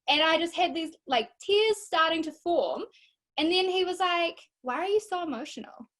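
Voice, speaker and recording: A young woman, a guest in casual chat, telling stories in an animated, expressive way. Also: very high-pitched, moderate pace. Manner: animated, expressive storytelling with laughs.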